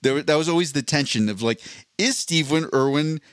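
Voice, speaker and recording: A man's voice: fairly high pitch, brisk, no room sound, studio quality. A man co-hosting a podcast in casual comedic chat, joking playfully and slipping into silly voices. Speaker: podcast co-host.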